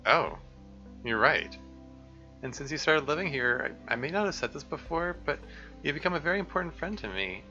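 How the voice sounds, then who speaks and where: A man voicing the protagonist of a game, an earnest and emotional friend who speaks haltingly and restarts words. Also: a little high, lively intonation, sharp tone, dull audio, soft background music, pitched above the performer's own voice. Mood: heartfelt.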